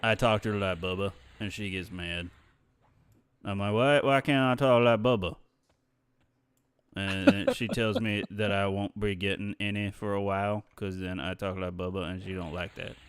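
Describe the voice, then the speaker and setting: A man's voice: on the low side, normal speed, clear, resonant tone, no room sound. A man streaming live, chatting casually and animatedly as he tells stories about voice acting. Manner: animated storyteller who slips into voices. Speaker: streamer and voice actor.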